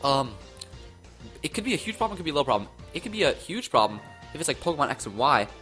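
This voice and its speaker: A young man casually commenting on game news, rambling and excitable, often restarting his sentences into his own microphone. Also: fairly high pitch, quick pace, faint music behind. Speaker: gaming YouTuber. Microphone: own desk microphone.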